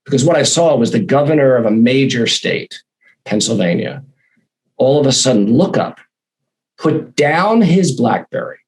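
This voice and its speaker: A man telling a personal anecdote in a lively, animated way, acting out the voices in his quotes. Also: medium pitch, rough recording. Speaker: guest, storytelling consultant.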